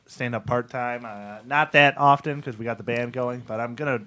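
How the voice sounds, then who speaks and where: A young man, a band member guesting on a podcast, trading deadpan jokes and improvised bits in casual chat. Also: mid-range voice, moderate pace. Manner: jokey, deadpan improv humor. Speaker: guest musician.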